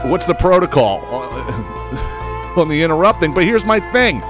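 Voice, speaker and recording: A man from the United States hosting a podcast, telling a comedic story in a profane, animated way with stammering restarts. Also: on the high side, measured pace, over music. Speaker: podcast host.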